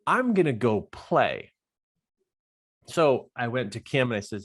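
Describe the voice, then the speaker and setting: Man, life coach, lively pitch swings, laughs a lot, acts out dialogue. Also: a little slow, pauses often, breathy edge. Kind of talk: animated personal storytelling.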